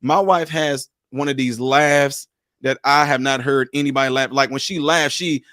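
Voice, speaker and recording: A man hosting a livestream, telling stories in a lively, casual way and laughing often. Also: medium pitch, moderate pace, no room sound, clean studio sound. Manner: animated storyteller, laughs often. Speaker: livestream host.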